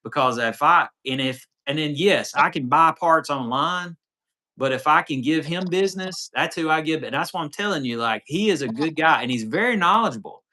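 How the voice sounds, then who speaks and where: A man's voice: fairly high pitch, lively intonation, normal speed, sharp tone. A man, hosting a casual off-road livestream and telling a rambling story with lots of quoted dialogue. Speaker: off-road channel host.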